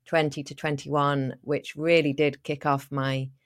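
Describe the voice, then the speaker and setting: Woman guest, 40s, low pitch, candid and lively. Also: unhurried. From England. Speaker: guest, midlife mentor and author.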